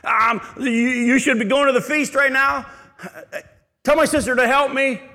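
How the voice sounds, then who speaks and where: Man doing whiny nagging followers, high and loud, church echo. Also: fairly even intonation, moderate pace, heavily acted. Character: anxious pleading followers nagging a teacher.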